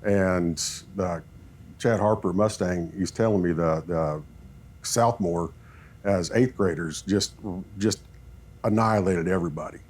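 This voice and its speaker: A man who coaches football, telling animated stories in a podcast chat and acting out what people said. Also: low-pitched, unhurried. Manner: animated storyteller, acts out quoted talk.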